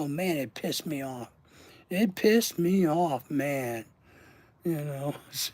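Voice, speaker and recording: A man with a warm, mellow voice tells a rambling personal story to his channel's viewers, swearing freely and often trailing off mid-sentence. His voice sounds close and dry, with no room around it. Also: a little high, takes it slowly, no room sound. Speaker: channel host. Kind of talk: casual livestream storytelling.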